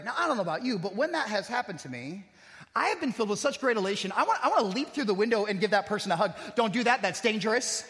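High, bright-voiced pastor in an echoing hall. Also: male voice, big pitch swings, fast talker. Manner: conversational, self-deprecating storytelling with rhetorical questions. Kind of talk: sermon with personal stories. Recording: echoey hall with long reverb.

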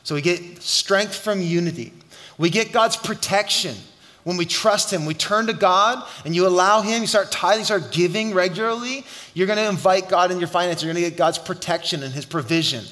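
Middle-aged male pastor, lively storyteller, bright edge, long church reverb. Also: high voice, a little fast. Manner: animated storytelling, shouting at the climax. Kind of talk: sermon. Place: church hall.

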